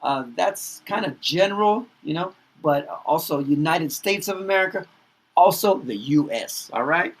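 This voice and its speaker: A man teaching pronunciation in an upbeat, playful way, repeating each word slowly and chuckling between them. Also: on the high side, animated. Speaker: English teacher. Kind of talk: pronunciation lesson with repetition.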